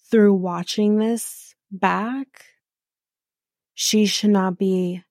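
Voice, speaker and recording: A woman's voice: medium pitch, mellow, dry recording, studio quality. A woman hosting a casual recap podcast, blunt and exasperated, swearing freely as she rants. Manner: frustrated, blunt, swears often. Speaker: podcast host recapping a reality show.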